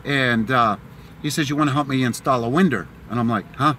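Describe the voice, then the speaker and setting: A man's voice: medium pitch, a little fast, sharp tone, a little hiss or hum. A middle-aged man with a mixed Boston and Tennessee accent, rambling chattily with many fillers on a casual live stream while driving in a car. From Massachusetts, Boston area. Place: inside a car in the city.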